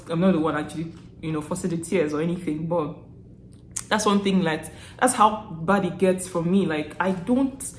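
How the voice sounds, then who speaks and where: A young woman from Nigeria with a Nigerian accent, telling stories to camera in a chatty, animated way, often laughing and restarting her sentences. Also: fairly low pitch, roomy sound, slight background noise. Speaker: vlogger. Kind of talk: casual storytelling to camera.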